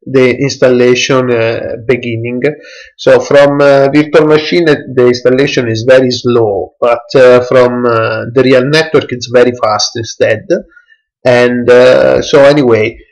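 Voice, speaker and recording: A young man talks through a screen-recorded software tutorial in slow, careful English. His mid-pitched voice moves unhurriedly, full of pauses and restarted phrases as he hunts for each word. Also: fairly even intonation, rough recording. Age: young adult. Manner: halting, many fillers and restarts, non-native English. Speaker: tech tutorial presenter.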